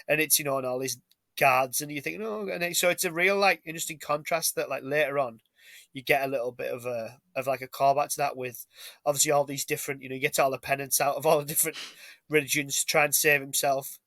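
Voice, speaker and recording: A man's voice: mid-range voice, fairly even intonation, fast, pushed and bright, no room sound. A British man hosting a podcast, talking casually about a film and telling stories with jokey asides. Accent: British English. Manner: chatty storyteller, jokey asides. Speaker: podcast host. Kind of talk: casual film review chat.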